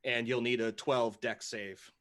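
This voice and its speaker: A man playing in a casual tabletop game, eager and quick to laugh at himself. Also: medium pitch, flat delivery, fairly bright tone. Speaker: player.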